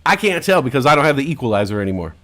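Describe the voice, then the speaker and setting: A man's voice: medium pitch, very animated, rapid-fire, a bit bright. A man hosting a live-stream talk show, chatting casually with rambling jokes and plenty of swearing. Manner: rambling, joking, profane. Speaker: host. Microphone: headphones and desk mic at home stream.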